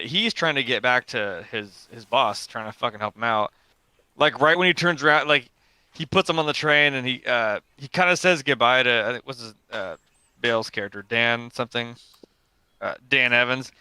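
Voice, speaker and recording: Man, casual movie chat, swears a lot, very bright tone, dry close sound. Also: mid-range voice, smooth, no echo. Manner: swears a lot, rambling and excitable. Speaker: podcast co-host.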